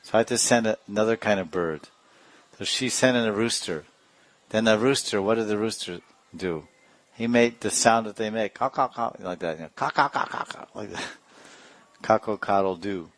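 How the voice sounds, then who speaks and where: A man with a lowish voice teaches a devotional class, spinning a story with playful sound effects and laughs. The recording is close and dry, with no room around him. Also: moderate pace, dry recording. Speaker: spiritual teacher.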